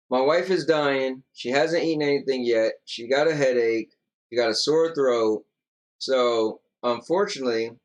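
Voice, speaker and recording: A tired young man co-hosting a casual podcast, rambling loosely and reading out viewer comments. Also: medium pitch. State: yawning, tired. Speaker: podcast co-host.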